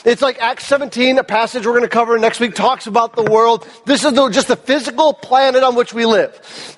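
A man's voice: very high-pitched, a bit bright. A male pastor preaching an earnest, emphatic sermon, his voice cracking at times and putting questions to the congregation. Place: church service hall. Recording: long reverb of a large hall.

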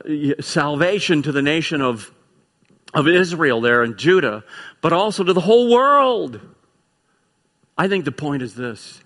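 Brief: male preacher, sermon, animated and emphatic, bright tense tone. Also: medium pitch. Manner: emphatic, repeats words for stress; animated storytelling with rising intensity. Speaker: pastor.

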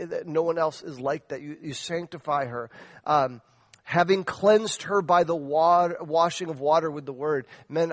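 A male pastor preaching with fervor, his voice sitting a little higher than most men's. He swings between forceful, raised exhortation and quiet, earnest asides, pressing his listeners with direct questions. The sound is dry and close, with little room echo. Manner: addresses the men directly with questions. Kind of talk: sermon.

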